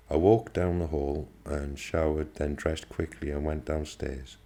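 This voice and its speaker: A man narrating a novel in the first person with a steady, measured delivery. His voice is extremely deep, with a dark, mellow tone. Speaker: audiobook reader.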